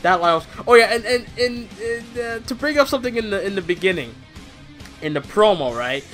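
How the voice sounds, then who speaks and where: A man gives a loose, rambling review of wrestling shows, excitable and casually profane. His voice sits high and sounds bright and forceful. Faint music plays underneath. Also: brisk. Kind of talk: casual commentary vlog.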